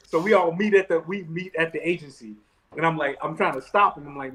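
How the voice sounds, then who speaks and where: A man's voice: on the high side, quick pace, low-quality recording. Laid-back man spinning a story. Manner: relaxed and laid-back, with repeated starts. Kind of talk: casual storytelling chat.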